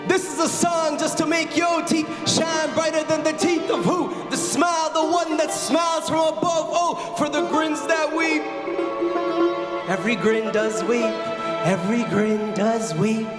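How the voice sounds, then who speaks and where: A man performing spoken word poetry on an outdoor festival stage, rhythmic and repetitive, sometimes rising to shouts. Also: very high voice, fairly even intonation, measured pace, roomy sound. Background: loud instrumental music.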